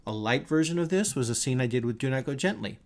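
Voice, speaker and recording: A podcast host with a medium-pitched voice talks quickly, his intonation lively. He delivers a reflective, casual monologue, thoughtful and earnest, weaving in stories as he muses.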